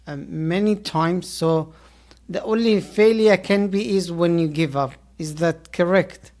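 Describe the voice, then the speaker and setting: A woman hosting a podcast interview, asking questions in a halting way with many hesitations. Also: on the low side, a little mellow. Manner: halting, many "uh" fillers, formal praise. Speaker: podcast host.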